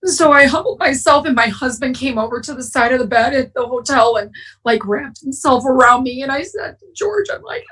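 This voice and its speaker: Talking quickly with lively intonation, the high-voiced woman from Wisconsin opens up about her recovery, candid and emotional, her voice catching now and then. The tone is fairly bright but husky, and the recording, made at home for an online conference, is low quality with a distant mic.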